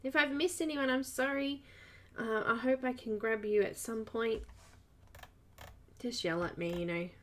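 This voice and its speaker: A slightly croaky woman with a fairly high voice, talking slowly and easily as she hosts a live coloring session. She chats with viewers, greets them one by one and laughs often. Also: fairly even intonation, a bit bright. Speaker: art channel host. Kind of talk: live-stream coloring tutorial chat.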